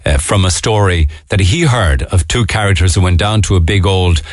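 A man's voice: low-pitched, normal speed, no echo, clean studio sound. Chatty man hosting radio. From Ireland. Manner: chatty, rambling, jokey asides. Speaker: radio show host. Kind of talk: casual radio chat. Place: radio studio. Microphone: studio microphone.

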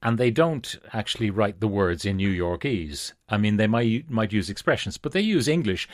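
A man hosts a book club segment on the radio. His voice sits low and sounds dry and close. He speaks at a measured pace with frequent "uh"s and restarts. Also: animated, no room sound. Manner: halting, many "uh"s, measured. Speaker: radio show host. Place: radio studio.

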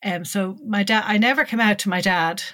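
An older woman with an Irish accent telling a personal story in an interview, growing animated as she recalls conversations. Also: medium pitch, fairly quick, no echo. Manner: animated, lively when recalling dialogue.

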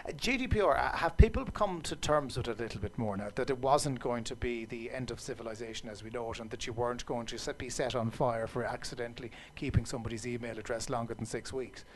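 An Irish man hosting a radio business interview, quick and jokey with his guests. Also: mid-range voice, a little hiss or hum. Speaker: radio business show host.

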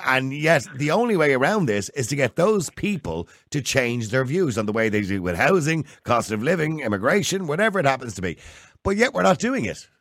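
An Irish man hosts a panel talk show, jumping in emphatically to push his guests. His delivery is quick and lively, with wide swings in pitch. The recording is close and dry. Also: dry recording. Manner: animated, interjecting, emphatic. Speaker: host.

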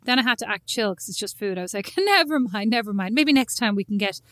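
A woman co-hosting a podcast in casual chat, an animated storyteller who jumps into sudden high-pitched exclamations. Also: fast, no room sound, studio quality. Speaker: podcast co-host.

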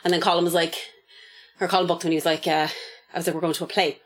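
A woman's voice: lowish voice, racing. Chatty, swearing woman podcaster. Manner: chatty, swears freely, animated storytelling. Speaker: podcast co-host. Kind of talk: casual chat.

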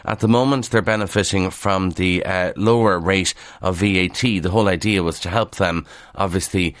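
Deep-voiced Irish radio presenter. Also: male voice, fairly even intonation, fairly bright tone, no room sound. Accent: Irish, Kildare. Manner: brisk and conversational, adds wry asides. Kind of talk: morning newspaper review.

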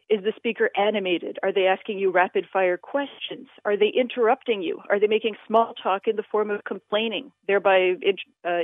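Over a tinny, dry telephone line, an interview guest with a mid-range voice explains language history on the radio. He talks with many filler sounds.

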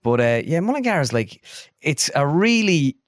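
A man with an Irish accent, a guest in casual chat, telling rambling, animated stories. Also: a little high, normal speed, dry recording, studio quality. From Ireland. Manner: rambling, animated, breaks into impressions.

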